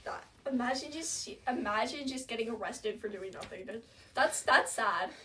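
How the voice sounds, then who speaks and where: A woman's voice: a little high, normal speed, bright, forceful tone, recorded from a distance, slight background noise. A woman hosting a casual study recap, bubbly and playful. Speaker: host of a study channel.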